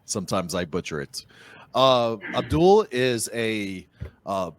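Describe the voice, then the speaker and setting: A man's voice: lowish voice, very animated, slow pace. A man with a Boston accent hosting a podcast interview, upbeat and chatty, often repeating his phrases. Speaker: podcast host. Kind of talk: casual interview.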